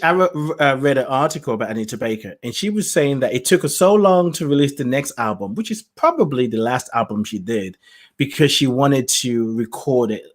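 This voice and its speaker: A man hosting his own podcast, giving a rambling spiritual talk, musing aloud, laughing often and losing his thread. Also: medium pitch. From lives in the UK. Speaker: podcast host. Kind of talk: spiritual talk, casual monologue. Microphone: solo podcast mic, self-produced.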